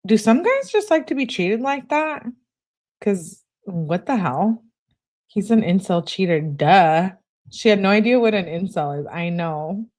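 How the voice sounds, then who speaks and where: A young adult woman with a medium-pitched, darkish voice hosts a casual livestream in an animated but unhurried way. She reads text messages aloud and chats with viewers between them, reacting to the chat as she goes.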